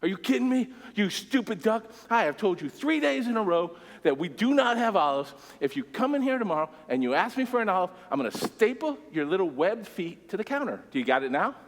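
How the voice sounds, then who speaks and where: Guy playing a furious deli clerk, high shouty rant, big echoey hall. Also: sing-song, brisk, hardly any pauses. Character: furious male deli worker losing patience. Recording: long church-hall reverb.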